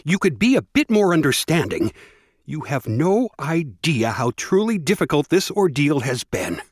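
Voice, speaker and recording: A man's voice: a little high, sing-song, normal speed, no room sound, studio quality. A man voicing a self-righteous, defensive adult man in an audiobook, scowling and pleading.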